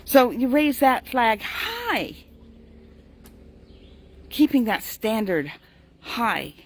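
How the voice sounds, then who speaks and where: A woman's voice: on the high side, huge pitch swings, very slow. An older woman, a grandmother, talking casually and tiredly in her morning vlog, chatty and digressive, often breaking into laughter. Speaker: vlogger.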